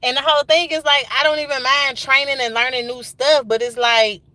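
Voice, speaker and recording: A woman's voice: high-pitched, fairly even intonation, fairly quick, sharp tone, dry recording. A woman in her thirties with a Georgia accent, venting casually on a livestream and repeating lines for emphasis with folksy Southern slang. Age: 30s.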